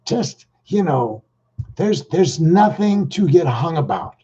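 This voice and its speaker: A man's voice: fairly high pitch, very animated, slow pace, dark tone, husky. A middle-aged man telling a rambling, jokey everyday story in casual slang. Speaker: vlogger. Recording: dull lo-fi recording.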